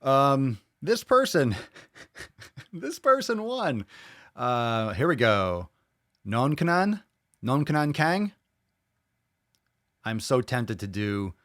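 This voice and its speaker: Dude hosting a podcast, blunt and sweary, mid-range voice, dry close sound. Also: male voice, mid-range voice, no echo. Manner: blunt, profane, animated, reads comments aloud and reacts. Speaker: podcast host. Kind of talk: casual podcast chat reading viewer comments.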